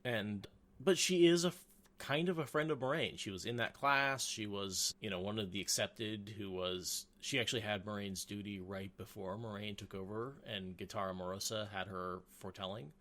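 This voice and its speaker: A man's voice: fairly low pitch, moderate pace, a bit bright. A man co-hosting a podcast, chatting casually and making dry, wry asides. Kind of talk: casual chat.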